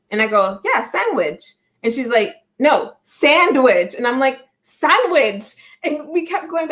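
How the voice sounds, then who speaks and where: A woman in her thirties with a Canadian accent, hosting a livestream and telling stories in a rambling, animated way with many restarts. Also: on the high side. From Jamaica, raised in Canada. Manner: rambling, animated storytelling with frequent restarts and laughs. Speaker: psychic livestream host. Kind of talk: casual livestream chat.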